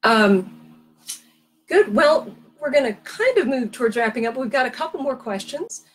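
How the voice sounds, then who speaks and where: A woman hosting a library Q&A over a video call, asking questions in a measured, polite way with some fillers. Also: high-pitched, animated, slight background noise, poor audio. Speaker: library event host. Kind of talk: casual Q&A interview.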